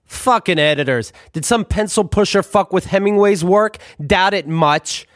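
A man's voice: sits high, normal speed, fairly bright tone, no echo, clean studio sound. A man reading his own book aloud in a sarcastic, ranting, profane way, throwing in asides to the listener.

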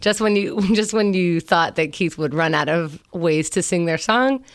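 A woman's voice: fairly low pitch, normal speed, no room sound, clean studio sound. A woman co-hosting a comedy podcast, teasing her partner and laughing often. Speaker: podcast co-host. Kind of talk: casual comedy chat.

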